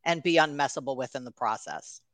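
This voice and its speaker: Woman in her 50s, guest coach, bright forceful tone, close dry sound, lively storyteller. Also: a bass voice, fairly quick, no room sound. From New York. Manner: animated storyteller, laughs easily. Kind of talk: podcast conversation, storytelling.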